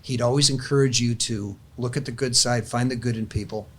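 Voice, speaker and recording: An older man telling his faith story in a relaxed, conversational way, circling back and restarting his sentences as he goes. His voice sits at a mid pitch, and a faint hiss runs under the recording. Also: brisk. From California. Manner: earnest storyteller, many restarts. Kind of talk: casual testimony chat.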